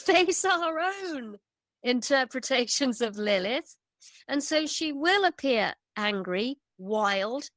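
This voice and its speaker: Animated woman telling an old myth. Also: fairly high pitch, no room sound. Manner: animated, vivid storytelling with emphatic lists. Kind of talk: casual storytelling conversation.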